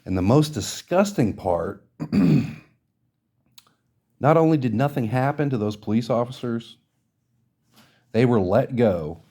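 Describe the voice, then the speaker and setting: A man's voice: mid-range voice, animated, a little slow, long pauses, warm tone. A man hosting a podcast, delivering an indignant, profane rant of social commentary. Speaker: podcast host.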